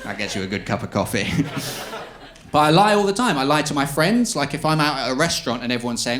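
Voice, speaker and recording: A man's voice: medium pitch, lively intonation, a little fast, a bit bright. A man doing a stand-up set, chatty, with conspiratorial asides to the audience. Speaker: stand-up comedian.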